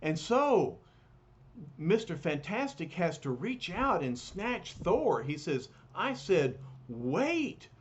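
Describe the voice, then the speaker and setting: A man reading a comic book aloud to a child, getting expressive with the heroes' lines. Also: slow pace, slightly rough. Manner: expressive read-aloud, raises pitch for quoted heroes. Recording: dull lo-fi recording.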